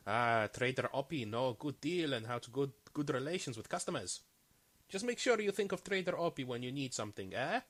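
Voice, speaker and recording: A man voicing a fawning, haggling alien trader who speaks in halting, broken English. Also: mid-range voice, animated, lightly acted. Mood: eager salesman.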